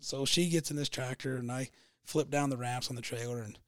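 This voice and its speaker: A man co-hosting a podcast, telling a long anecdote in a relaxed, halting way with many restarts. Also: medium pitch, dry recording, clean studio sound. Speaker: podcast co-host. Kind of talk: casual storytelling chat.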